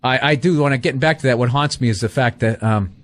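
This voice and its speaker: A man's voice: mid-range voice, fast. A middle-aged man and stand-up comedian hosting a podcast, telling rambling stories in casual chat, acting out quotes and swearing freely.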